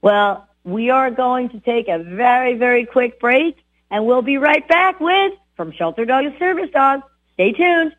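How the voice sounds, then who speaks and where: A woman's voice: high voice, unhurried. Woman dog trainer on a tinny line. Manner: lively, direct coaching to listeners. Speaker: dog trainer and show host. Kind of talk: radio show talk. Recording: tinny phone-like sound.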